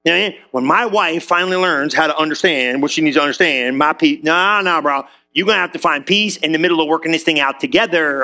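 A pastor delivers an energetic, conversational sermon packed with casual slang. He acts out quick voices, swings between loud bursts and low, drawn-out lines, and keeps asking the congregation questions.

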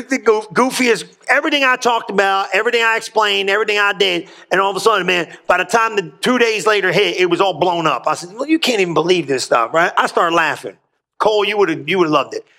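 A pastor preaching an emphatic sermon in a church, calling out to the congregation for responses. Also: male voice, sits high, pushed and bright.

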